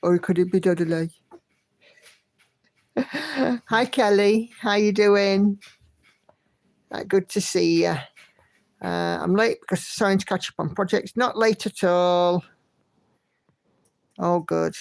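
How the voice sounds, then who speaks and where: A woman hosts a relaxed livestream from home, greeting viewers by name in a friendly, chatty way. Her voice has a gravelly edge, and the sound is dry and close. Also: mid-range voice, slow pace, long pauses, no room sound. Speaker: livestream host. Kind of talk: casual livestream chat, reading viewer comments.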